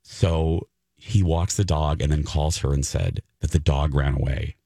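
A man hosting a radio show, telling a story in a casual chat and acting out the quotes in a high voice. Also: fairly even intonation, a little slow, dark tone, slightly rough, no room sound, studio quality.

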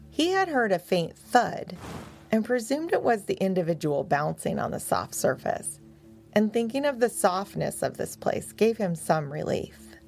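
Slow, gravelly woman storyteller. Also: lowish voice, expressive, faint music behind. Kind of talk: children's storybook narration.

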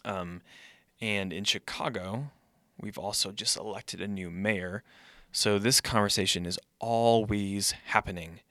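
Low bright-toned male pastor. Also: fairly even intonation, unhurried, no echo, studio quality. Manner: conversational, thinking aloud. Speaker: pastor and podcast host. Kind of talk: casual podcast monologue.

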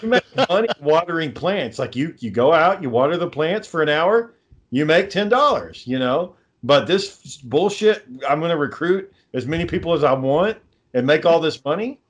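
Blunt, swearing man, slightly high. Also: expressive, normal speed. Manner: blunt, profane, sarcastic. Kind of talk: casual chat.

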